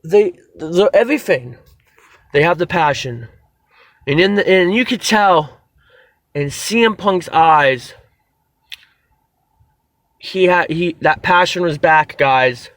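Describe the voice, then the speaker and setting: High-voiced excitable man ranting. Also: slow, pauses often, no room sound. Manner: excitable, rambling, swears freely. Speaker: wrestling show reviewer. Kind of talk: casual video review.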